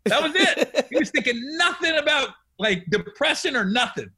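A man in his forties tells stories in a casual chat, laughing often. His voice sits high and bright and swings widely in pitch as he acts out what people said. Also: moderate pace. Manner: animated, laughing, acts out quotes. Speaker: podcast host, comedian.

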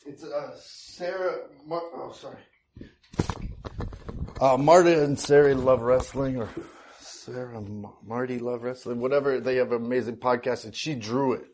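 Man, relaxed, chatty, laughs often, casual interview guest. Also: medium pitch, moderate pace, a little hiss or hum. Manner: laid-back, laughing, chatty storyteller. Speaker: guest, actor.

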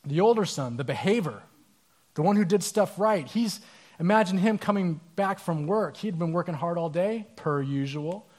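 Male pastor, sermon, casual, animated storytelling, slightly high voice. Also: normal speed.

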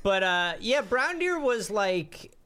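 Man from wisconsin, comedic podcast chat, fairly high voice, animated mocking impressions. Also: takes it slowly, smooth. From Wisconsin, USA. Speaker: podcast guest.

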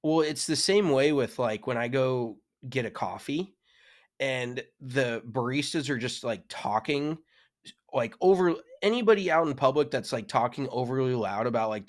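A young man co-hosting a podcast, ranting casually with frequent swearing. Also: mid-range voice. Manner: laid-back, profane ranting. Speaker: podcast co-host. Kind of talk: casual chat.

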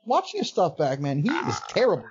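A man's voice: sits high, huge pitch swings, a little fast, slightly rough, dull audio. A man co-hosting a casual podcast, speaking bluntly with joking asides. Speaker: podcast co-host. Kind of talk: casual chat.

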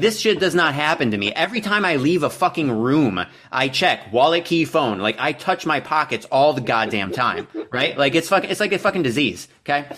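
A man's voice: on the high side, fairly bright tone. A young man co-hosting a podcast, telling a long story in a casual, profane and exasperated way and poking fun at himself. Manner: profane, self-deprecating, exasperated. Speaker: podcast co-host.

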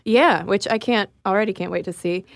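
A woman's voice: medium pitch, fairly quick, gravelly, no room sound. Chatty woman co-host, casual podcast delivery, dead-dry studio sound. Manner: chatty, laughs while talking.

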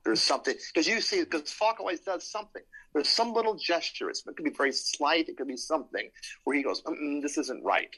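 A man's voice: a little high, animated, quick pace, pushed and bright, husky, poor audio. A man in casual panel chat, talking in a rambling way with many ums and restarts. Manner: rambling, hesitant with many fillers.

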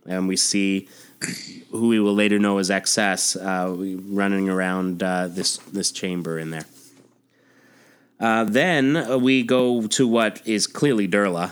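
Male podcast host, lowish voice, relaxed and chatty, hesitant fillers. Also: unhurried, clear, resonant tone. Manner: reads comic dialogue aloud in voices, chatty with fillers. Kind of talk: casual comic book discussion.

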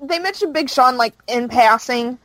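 A woman's voice: high voice, normal speed, fairly bright tone, rough recording. A woman co-hosting a podcast, recapping a show in casual chat with lots of fillers. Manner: rambling recap with fillers, laughs easily.

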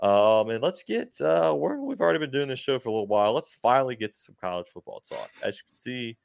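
A man's voice: mid-range voice, very animated, fast, vocal fry, clean tone. A man hosting a sports podcast, recapping games in an upbeat, laughing way with many fillers. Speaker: podcast host. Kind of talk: casual sports chat.

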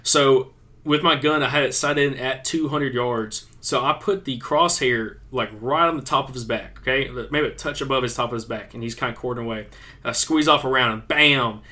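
A man tells a hunting story on a casual podcast, his voice bright and forceful. He gets animated as he retells it and leans on fillers like "like" and "kinda.". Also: mid-range voice, a little fast. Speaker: podcast co-host.

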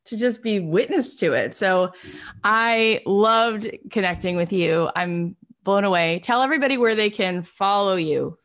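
A woman's voice: mid-range voice, measured pace, a bit bright. A woman hosting an interview, gushing with effusive praise for her guest. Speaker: podcast host. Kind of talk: casual interview chat.

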